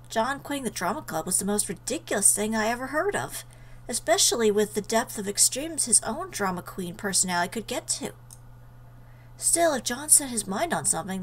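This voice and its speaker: Her voice on the high side, a let's player reads a visual novel aloud with earnest delivery and pauses for emotional asides. The low-quality recording has a little hiss or hum.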